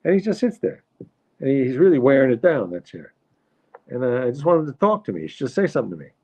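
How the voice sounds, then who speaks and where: A lonely older New York mother, put on by a man complains about her husband in a plaintive New York accent. The voice is pitched far above the man's own, and the stream audio sounds dull. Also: sing-song, fast talker, mellow.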